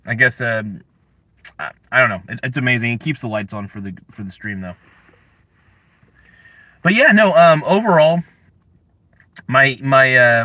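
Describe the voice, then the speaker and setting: A young man hosts a casual livestream, grumbling in mock anger between sudden yelps. His voice is bright and sharp, and his pitch swings widely. The close mic sounds dry, with no room echo. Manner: animated, mock-angry rants with sudden yelled bursts. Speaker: livestream host.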